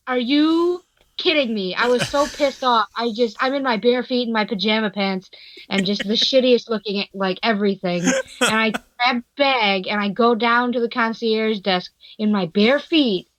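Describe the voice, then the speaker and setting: A woman guest on a podcast, telling a story in a casual, animated way and swearing freely. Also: medium pitch, dry recording. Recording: dull lo-fi dry sound.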